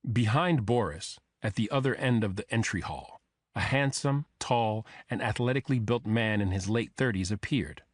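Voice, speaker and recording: A man narrating a thriller audiobook in the first person, telling the story in a measured, even way. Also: fairly low pitch, no echo.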